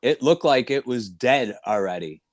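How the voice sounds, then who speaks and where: A man's voice: medium pitch, expressive, normal speed, no room sound, studio quality. A man joining a golf podcast in casual chat, adding wry, laughing asides. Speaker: podcast guest.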